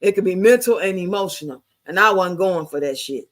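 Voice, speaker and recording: A woman's voice: on the low side, lively intonation, a little fast. An American woman in her fifties telling stories in casual chat, blunt and heavily profane. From United States. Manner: blunt, profane, emphatic storytelling.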